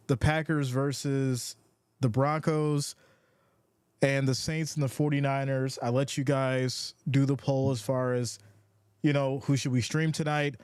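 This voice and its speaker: A man's voice: fairly high pitch, a little mellow, no room sound, studio quality. Upbeat New York man hosting a stream. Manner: upbeat, repeats phrases, greets chat viewers by name. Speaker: live stream host. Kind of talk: casual live-stream chat.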